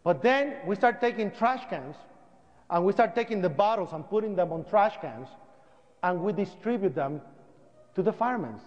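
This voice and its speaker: A man with a Puerto Rican accent telling his story as a public speaker, animated and acting out the voices of people in it. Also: sits high, moderate pace, in a large hall, lo-fi sound. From Puerto Rico.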